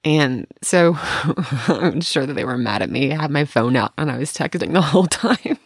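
A middle-aged woman co-hosting a casual chat, telling animated stories and laughing often. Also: low-pitched, moderate pace, no room sound, clean studio sound.

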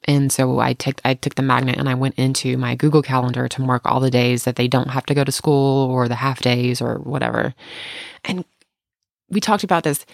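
A middle-aged woman co-hosting a casual chat, telling animated stories and laughing often. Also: extremely low pitch, fairly quick, gravelly, no room sound, clean studio sound.

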